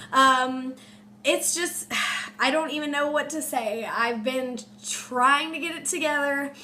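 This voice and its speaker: A young woman who's a teacher and vlogger speaks to camera in an emotional personal vlog from a room at home. Her high, sharp voice is congested as she recovers from illness, and she talks haltingly, full of ums and likes. Faint room noise and a space heater's hum sit underneath.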